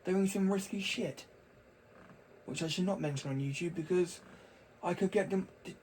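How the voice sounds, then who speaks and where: A man's voice: sits high, moderate pace, darkish tone, a little hiss or hum, rough recording. A young man talking casually to camera, rambling and chatty with frequent restarts. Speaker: vlogger.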